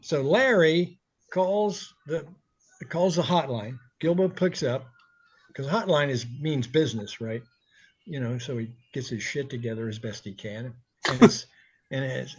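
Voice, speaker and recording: A man, a radio DJ, telling animated, profane stories in a casual podcast chat. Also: medium pitch, a little slow, highs cut off. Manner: animated, profane, laughing anecdotes. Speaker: radio DJ guest. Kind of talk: casual storytelling.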